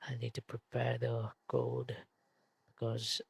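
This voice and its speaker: A young man streaming late at night, in a whispered role-play hush, quiet and hesitant with many fillers as he signs off. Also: mid-range voice, monotone, takes it slowly, creaky, slightly rough, no echo.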